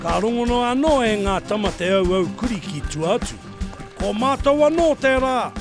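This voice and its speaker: A man's voice: high voice, expressive, a little fast. A man with a New Zealand accent hosting a hunting show, narrating and joking with his companions. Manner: narrates in Māori, jokes with companions. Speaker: host. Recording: music playing under the voice.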